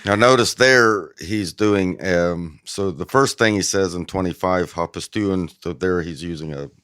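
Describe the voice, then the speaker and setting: A man with a notably low voice explains Greek grammar in a patient, conversational way, often pausing on "um." He is recorded close and dry. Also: fairly bright tone, smooth, no room sound. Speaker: guest theologian. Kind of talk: casual explanatory discussion.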